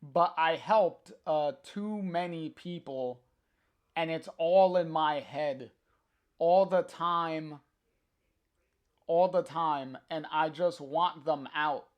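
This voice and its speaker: A man reading the lines of a tearful, overwhelmed young girl from a comic, slowly and softly. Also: fairly high pitch, lo-fi sound.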